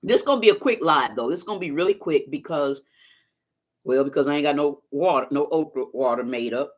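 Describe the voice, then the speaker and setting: This low-voiced woman speaks fairly quickly as she chats with viewers during her live stream. A vlogger and chatty storyteller, she talks straight to the audience using homespun, folksy phrasing.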